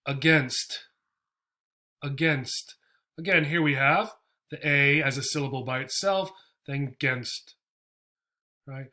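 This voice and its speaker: Slow, bright-voiced man teaching pronunciation. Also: medium pitch. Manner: explains slowly, modeling sounds and checking with "right?". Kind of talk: classroom pronunciation lesson.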